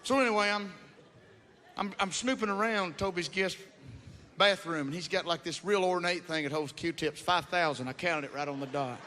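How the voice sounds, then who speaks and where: A man's voice: high-pitched, moderate pace, pushed and bright. A middle-aged man telling a long, profane, rambling story on stage as a stand-up comedian. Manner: profane, rambling, Southern drawl storytelling with acted-out quotes. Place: live comedy stage with audience. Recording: noisy live venue sound. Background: audience laughter.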